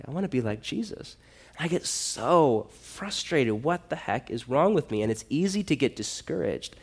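A man's voice: medium pitch, lively intonation, a little slow, breathy edge. Earnest conversational male pastor preaching. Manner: earnest, conversational preaching with rising emphatic exhortations. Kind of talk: sermon.

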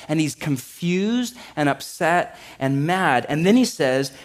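A male pastor preaching a sermon in a relaxed, conversational way, joking and saying "like" a lot, to a live congregation in a church. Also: a little high, normal speed, few pauses.

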